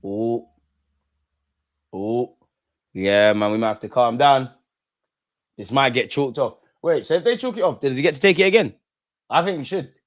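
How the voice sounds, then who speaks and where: A young man hosting a live football watch-along, chatting in street slang and shouting when goals go in. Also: medium pitch, animated, moderate pace, long pauses.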